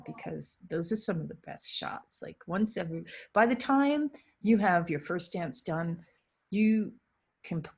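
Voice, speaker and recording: A young woman with a New England accent talks on her own in a casual, rambling, self-deprecating way. Her voice sits a little low, with a husky, gravelly edge to it. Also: a little mellow. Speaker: wedding photographer hosting a Q and A. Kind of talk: casual solo livestream talk.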